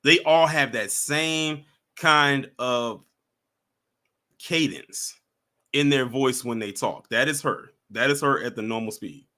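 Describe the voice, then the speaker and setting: A man's voice: medium pitch, takes it slowly, pushed and bright. A man hosting a casual reaction stream, talking straight to his viewers and chat. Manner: conversational, addresses viewers as y'all. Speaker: host reacting to clips.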